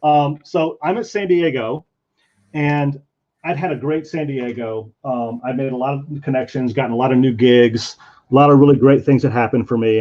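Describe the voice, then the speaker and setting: A man, a comic artist, telling a convention story in casual chat and acting out the voices of the people in it. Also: mid-range voice. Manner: animated, acts out quoted voices. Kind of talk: casual storytelling while drawing. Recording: dull lo-fi stream audio.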